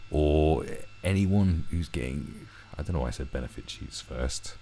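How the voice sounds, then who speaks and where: A man's voice: a bass voice, measured pace, few pauses, dark tone, a little hiss or hum. A man ranting through a commentary video, swearing heavily and often restarting his sentences. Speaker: commentary vlogger.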